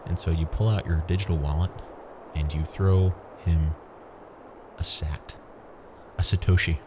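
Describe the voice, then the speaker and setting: A man's voice: very deep voice, flat delivery, a little slow, long pauses, background noise. A man hosting a podcast, rambling playfully and guiding the listener through an imagined scene. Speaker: podcast host. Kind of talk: casual podcast monologue.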